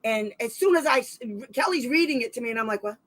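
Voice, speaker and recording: A woman hosting a special education advocacy livestream in casual talk, rambling and animated, with quick sarcastic asides. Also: a little high, rough recording.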